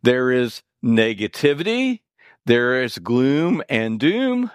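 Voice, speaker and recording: A male pastor delivering a sermon at a slow, deliberate pace. His delivery is animated, swinging up and down with sarcastic asides. The sound is close and dry, with no room echo. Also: medium pitch, smooth.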